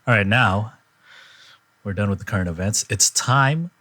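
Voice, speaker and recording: Deep-voiced young man hosting a podcast. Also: normal speed, pushed and bright, no echo. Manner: laid-back, rambling with fillers. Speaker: podcast host. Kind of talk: casual chat.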